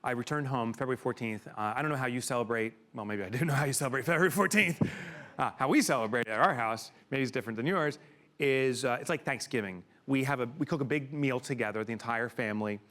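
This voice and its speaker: A middle-aged man giving a keynote to a live audience in a room, telling a personal story with emotion and sudden loud exclamations. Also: mid-range voice, fast. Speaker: keynote speaker.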